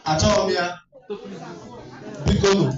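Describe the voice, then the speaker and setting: Male MC, playful crowd-teaser, slightly high voice, heard from afar in an echoey hall with music behind. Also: slow pace. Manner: teasing, playful crowd work with frequent laughter. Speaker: event MC and comedian. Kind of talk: live MC banter with crowd. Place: community party hall. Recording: distant echoey hall mic, dull sound. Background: music playing.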